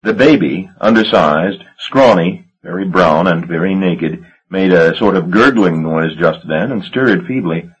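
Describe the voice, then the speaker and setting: Low, husky male audiobook narrator. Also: unhurried, few pauses, dull audio. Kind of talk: scripted narration.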